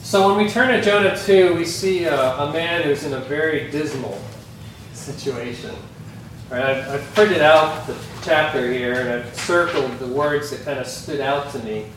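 A man preaching a sermon as a pastor, in a slow, earnest manner that turns animated when he quotes. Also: on the high side, a little hiss or hum. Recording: echoey hall, voice from a distance.

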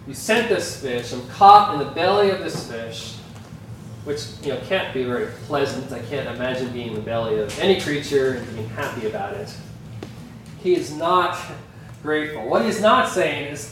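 A man preaching a sermon as a pastor, in a slow, earnest manner that turns animated when he quotes. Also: on the high side, slight background noise. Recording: echoey hall, voice from a distance.

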